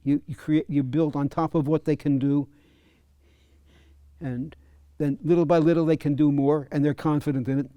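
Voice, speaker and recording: Halting, mellow-voiced fencing coach, a man. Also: fairly high pitch, fairly even intonation, clear, resonant tone, no room sound. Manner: halting, repeats words, chuckles. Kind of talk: clinic talk to coaches. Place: fencing center.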